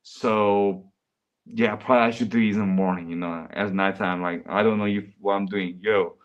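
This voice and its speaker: A man's voice: on the low side, fairly even intonation, normal speed, lo-fi sound. A man livestreaming in casual, rambling chat, often calling his viewers bro.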